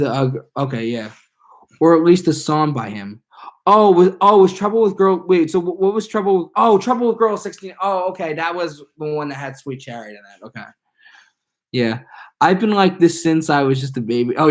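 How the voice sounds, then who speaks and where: A man's voice: fairly high pitch, expressive, moderate pace. A man hosting his own live stream, chatting casually and rambling, with many fillers and restarts. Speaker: channel host.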